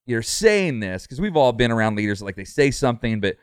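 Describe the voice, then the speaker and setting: A man's voice: medium pitch, very animated, brisk, smooth, no echo, clean studio sound. A middle-aged man, a pastor, talking earnestly in a casual podcast conversation, full of fillers and restarts.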